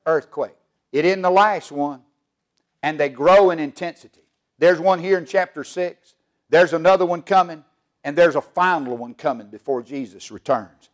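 A man preaching a sermon as pastor of a church, building emphasis and asking the congregation questions. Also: high voice. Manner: preaching with swelling emphasis and call-and-response questions. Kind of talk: fiery Southern Baptist sermon. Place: church sanctuary.

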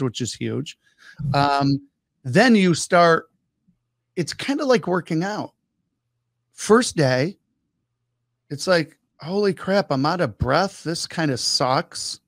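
A man co-hosting a casual business talk, telling lively stories and acting out his own quoted thoughts. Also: a little high, dry recording, studio quality. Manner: animated storyteller, acts out quoted thoughts. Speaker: podcast co-host.

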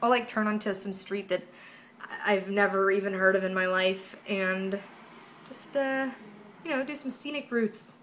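A woman's voice: medium pitch, normal speed, fairly bright tone. Young woman vlogger, rambling and giggly, swears freely, camera mic in a home room, faint background noise. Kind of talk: casual vlog chat. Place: at home by a white wall.

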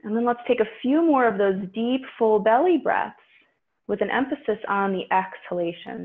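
A woman teaching a guided yoga class, calmly cueing breaths and poses. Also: medium pitch, normal speed. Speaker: yoga instructor. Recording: tinny phone-like audio.

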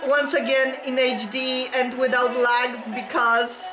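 A woman's voice: sits high, little pitch movement, takes it slowly. A woman hosting a reaction video, gushing and squealing and singing along while music plays behind her. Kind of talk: excited reaction commentary. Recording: music playing loudly behind. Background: pop music playing.

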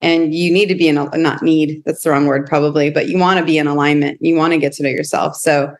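Brief: female podcast host, lower voice, thinks out loud, asks follow-ups. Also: fairly even intonation, fast. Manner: thinks aloud, asks probing questions. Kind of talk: interview conversation.

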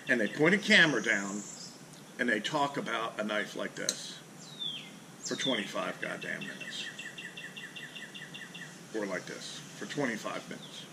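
A man's voice: fairly low pitch, animated, a little slow, pauses often. A man, a fishing charter captain, ranting bluntly and profanely in a casual vlog, sitting outdoors under a carport. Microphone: camera mounted on the back of a boat. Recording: outdoor camera audio with clear ambient noise.

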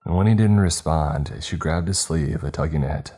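A man's voice: a bass voice, fairly even intonation, measured pace, few pauses, mellow, slightly rough. A man reading a horror story aloud as narrator, voicing each character himself. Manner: voices every character in dialogue.

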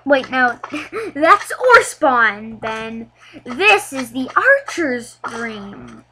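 A woman giving casual, chatty commentary over a video game, getting excited and laughing as she plays. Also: high-pitched, drawn-out words, background noise. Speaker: gameplay commentator.

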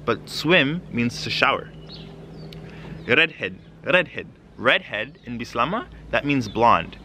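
Bright-voiced man teaching a language. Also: mid-range voice, very animated, slight background noise. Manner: patient and explanatory, repeating phrases slowly for learners. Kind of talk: casual video language lesson.

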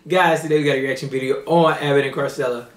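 A man's voice: medium pitch, fairly even intonation, fast talker, echoey room, recorded from a distance. A man hosting a reaction video with his partner, playful and laughing often in casual chat.

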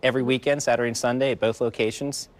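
A man who is an executive chef, a guest on a TV studio show, describing his menu in a brisk, matter-of-fact way. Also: mid-range voice, fairly even intonation. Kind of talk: TV guest interview.

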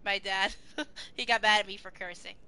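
A young woman streaming live, chatting excitably to her viewers, swearing freely and singing along to music now and then. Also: mid-range voice, moderate pace. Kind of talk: casual live-stream chat.

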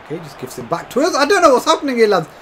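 Guy yelling over a football game, highish voice, keeps saying lads. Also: huge pitch swings, rapid-fire, slight background noise. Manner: chatty, keeps calling viewers lads, bursts into shouts and laughs. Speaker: gaming YouTuber. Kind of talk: excitable gameplay commentary.

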